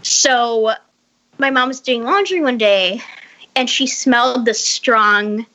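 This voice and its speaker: Chatty bright-voiced woman telling a story. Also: a little high, takes it slowly, low-quality recording. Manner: chatty storyteller, many likes and restarts. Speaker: podcast guest telling a story. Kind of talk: casual chat.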